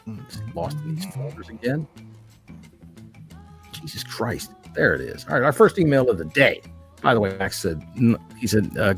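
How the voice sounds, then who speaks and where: A man's voice: mid-range voice, expressive, normal speed, faint music behind. A man hosting a casual fan podcast, reading listener emails and joking with loose, profane talk. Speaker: podcast host.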